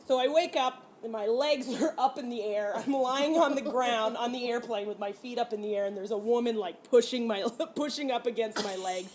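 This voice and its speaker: A woman's voice: fairly high pitch, a little hiss or hum. A young French-Canadian woman, a comedian, telling a personal story in a casual way, laughing and acting out her own past lines. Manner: animated, laughing, acts out her own quotes. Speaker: comedian guest.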